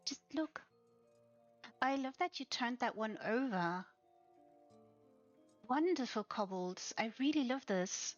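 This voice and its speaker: A woman with a fairly high voice leads a very slow, gushing tour of player-built homes, trailing into soft breathy whispers and little giggles. The sound is slightly dull and lo-fi, with faint music playing underneath. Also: expressive. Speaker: streamer touring player houses. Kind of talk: slow, gushing live-stream house tour.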